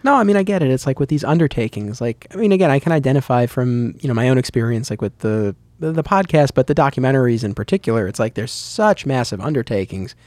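A man's voice: medium pitch, expressive, darkish tone, no echo. A man hosting a podcast who asks questions in a casual way, thinking aloud with many "I mean"s and "you know"s. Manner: fast talker, many fillers, thinks aloud. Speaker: podcast host. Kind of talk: casual interview conversation.

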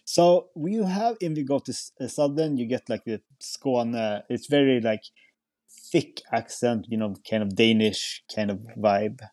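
A man's voice: medium pitch, a little slow, darkish tone, no room sound. A young man speaking English as a podcast guest, rambling casually with many fillers and restarts. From Sweden. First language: Swedish. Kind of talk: casual chat.

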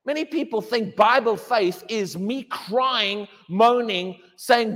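Speaking slowly with hardly any pauses, this English pastor delivers an emphatic sermon in a voice that's a bit bright. He repeats himself and imitates a wailing believer in a high-pitched mockery, all ringing with the long reverb of a church hall.

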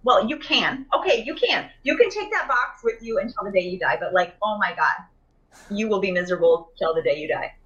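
A woman's voice: mid-range voice, animated, brisk, fairly bright tone, highs cut off. A woman in a casual conversation about emotional healing, chatty, with many fillers and restarts, speaking over a video call.

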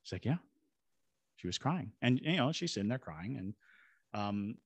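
A Savannah, Georgia paranormal investigator who leads ghost tours appears as a podcast guest, telling an animated story with performed voices and sound effects. His lowish voice is husky and very animated, at a moderate pace, in a dry recording.

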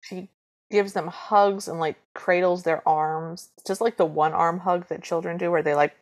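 A woman's voice: lowish voice, fairly even intonation, moderate pace. A young woman co-hosting a podcast, chatting casually and wryly about a film, reading from her notes and acting out quotes. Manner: wry, reads from her notes. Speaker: podcast co-host. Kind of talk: casual chat recapping a film.

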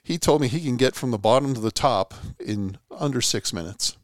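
A man's voice: mid-range voice, fairly quick, dry recording, studio quality. A man co-hosting a casual sports podcast, telling long rambling stories with many restarts. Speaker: podcast co-host.

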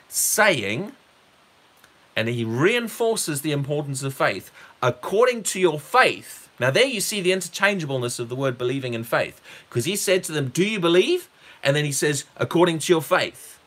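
A man preaching a sermon, emphatic and repetitive, jumping up on key phrases and dropping low for quick asides. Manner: emphatic, repeats words, rises sharply on key phrases; drops low and quiet for asides.

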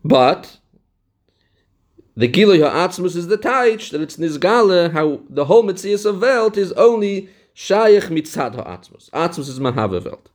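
Male text study teacher, slightly high voice, reads then explains. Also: very animated, unhurried. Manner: mixes Yiddish and Hebrew terms into English. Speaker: Torah teacher.

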